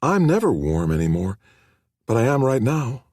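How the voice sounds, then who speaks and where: A husky-voiced man voicing a shy, frail young woman who speaks softly and with wonder. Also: medium pitch, big pitch swings, moderate pace, no echo, clean studio sound, voice pushed up.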